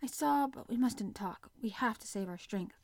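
A woman's voice: on the high side, expressive, moderate pace, vocal fry, no echo, studio quality. Woman voicing Conseil, a devoted young manservant. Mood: exhausted. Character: loyal young male manservant, devoted and polite.

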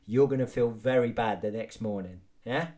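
A man's voice: mid-range voice, moderate pace, warm tone. A man hosts his own podcast with a rambling comic monologue. He talks in a mid-range voice, swears freely and keeps up loose, matey banter with the listener. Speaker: podcast host.

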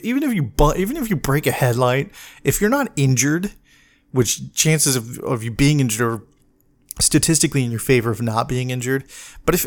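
Guy ranting on his podcast, swears a ton, fed up, mocks people in silly voices. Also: on the high side. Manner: profane, exasperated, mocking other people in put-on voices. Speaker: podcast host, medic. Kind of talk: casual ranting monologue.

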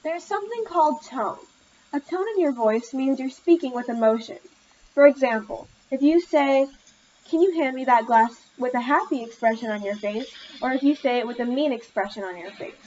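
A woman voicing a patient, encouraging female tutor who teaches speech, read in a gentle, upbeat teacherly way. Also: high voice, normal speed, a little hiss or hum, lightly acted. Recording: slightly muffled lo-fi recording.

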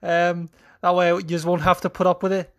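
A man's voice: sits high, little pitch movement, fairly quick. A podcast host doing a casual fight recap in a put-on Scouse accent, mocking his own attempt. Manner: putting on a mock Liverpool accent, self-mocking.

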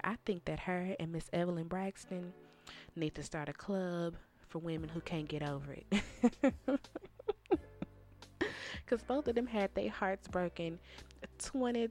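Woman, young adult, casual reality TV commentary, sassy and animated, slightly low voice, faint music behind. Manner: sassy, animated, talks straight to the viewers. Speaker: reality TV recap host.

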